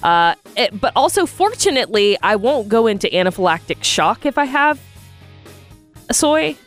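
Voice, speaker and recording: A woman's voice: a little high, big pitch swings, moderate pace, a bit bright, faint music behind. Chatty female morning radio co-host. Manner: chatty, laughs often. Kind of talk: casual radio banter.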